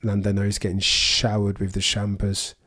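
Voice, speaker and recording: Chatty Birmingham-accented man, low voice. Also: monotone, moderate pace, pushed and bright, breathy edge. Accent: Birmingham English. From England. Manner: chatty, reads out viewer comments, dry quips. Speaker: livestream host. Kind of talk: casual live watchalong chat.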